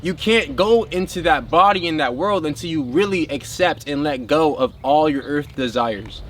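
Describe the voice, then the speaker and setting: This man's voice is a little high and a bit bright, with lively intonation at a moderate pace, over slight background noise. As a spiritual vlogger, he addresses his viewers collectively in a casual, rambling way packed with fillers.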